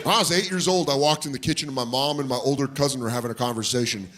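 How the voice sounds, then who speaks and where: A stand-up comedian rattles off a story at rapid-fire speed in a comedy club, animatedly acting out its characters with big leaps in his voice. A crowd can be heard behind him, laughing.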